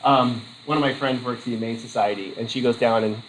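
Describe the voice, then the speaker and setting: A man's voice: mid-range voice, steady tone, quick pace, a little hiss or hum, poor audio. A man from Vermont giving a casual college lecture, rambling with jokey asides.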